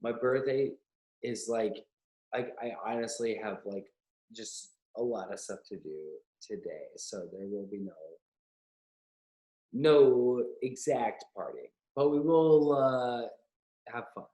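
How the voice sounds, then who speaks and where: A man's voice: mid-range voice, expressive, measured pace, warm tone. A man hosting a casual late-night chat show, joking and rambling in a self-mocking way. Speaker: host. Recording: roomy echo.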